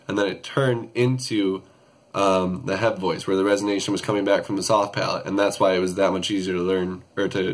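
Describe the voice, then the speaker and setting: A young man giving a casual vocal tutorial, relaxed and rambling, with lots of fillers and restarts. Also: fairly low pitch.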